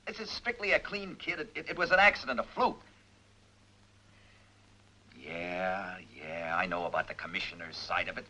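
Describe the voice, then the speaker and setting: A driven police captain. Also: male voice, deep voice, animated, full character voice, poor audio. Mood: pressured. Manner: forceful, pressing, rapid interrogator. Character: tough driven police captain, stubborn and hard-pressing.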